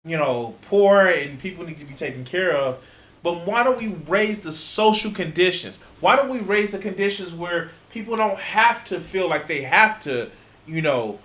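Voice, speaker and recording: A man's voice: sits high, lively intonation, moderate pace, a bit bright. A man reacting to a video with exasperated, profanity-laced, sarcastic commentary. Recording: echoey room.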